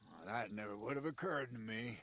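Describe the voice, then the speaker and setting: Sarcastic gruff commander. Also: male voice, fairly low pitch, animated, brisk, a bit bright, exaggerated voice. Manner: sarcastic, blunt. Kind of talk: video game dialogue.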